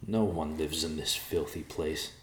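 A man's voice: very deep voice, fairly even intonation, measured pace, slight background noise. Man reading a thoughtful young human hero. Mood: earnest. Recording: roomy echo.

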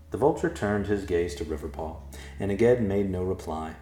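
Deep-voiced man reading a story. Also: normal speed, dark tone. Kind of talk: read-aloud story narration. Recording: roomy echo.

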